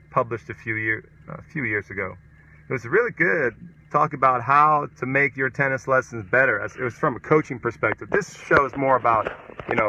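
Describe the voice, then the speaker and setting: A man's voice: medium pitch, sharp tone. A man who hosts a tennis coaching show, talking casually and emphatically and reading out viewer comments. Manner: emphatic, repeats a punchy catchphrase. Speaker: tennis coach and podcast host. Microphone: mobile setup. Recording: dull lo-fi mobile stream.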